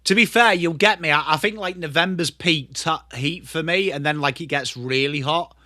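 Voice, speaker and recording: English guy in his 30s hosting a live footy stream, sharp bright voice, dead dry sound, swears a lot chatting to viewers. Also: a little high, moderate pace, no room sound. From England. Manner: chatty, sweary, answers chat messages. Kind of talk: casual live watchalong chat.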